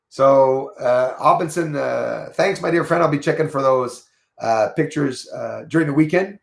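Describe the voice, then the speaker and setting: Brief: gravelly-voiced Quebec man, chatty livestream host. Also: mid-range voice, moderate pace, echoey room. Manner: rambling, chatty, greets viewers by name. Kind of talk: casual livestream chat, reading viewer comments.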